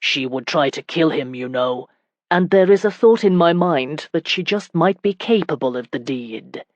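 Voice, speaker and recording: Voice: medium pitch, animated, moderate pace, no echo, muffled recording, natural voice. A narrator voicing a stern, commanding medieval knight lord in an audiobook, speaking in firm, clipped orders. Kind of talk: audiobook character reading.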